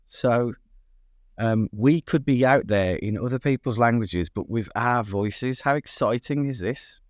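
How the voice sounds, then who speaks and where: A man's voice: medium pitch, a little slow, no room sound. A man with a Black Country accent co-hosting a podcast, breaking news with dry, mock-grand humor in casual chat. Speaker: podcast co-host.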